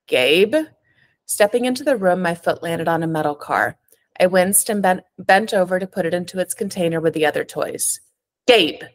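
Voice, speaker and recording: A woman author, reading her own fiction expressively over a video call from home, then chatting. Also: no echo. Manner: expressive reader with sharp rises in pitch on dialogue. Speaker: author and guest. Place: home with a cat.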